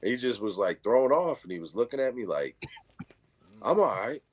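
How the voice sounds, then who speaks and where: A middle-aged man with a New York accent, co-hosting a casual chat and telling animated stories full of swearing, acting out what people said. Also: medium pitch, normal speed, husky. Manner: animated storyteller, acts out quotes, heavy swearing. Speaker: co-host.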